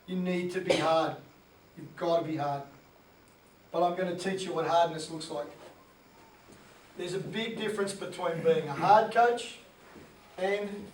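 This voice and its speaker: A man, a sports coach giving an animated motivational talk to coaches and acting out voices. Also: sits high, echoey room, far from the mic, poor audio.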